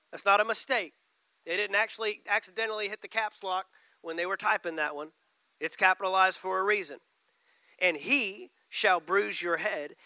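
A man's voice: a little high, pushed and bright, no room sound, low-quality recording. A man preaching a sermon, building emphasis and repeating key lines. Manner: preaching with rising emphasis and repetition. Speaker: pastor.

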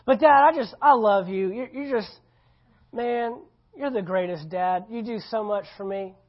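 A man's voice: high-pitched, unhurried. A man voicing a little boy who gushes and stammers to avoid doing a chore. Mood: gushing. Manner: whiny, stammering, gushing. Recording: slightly dull lo-fi recording.

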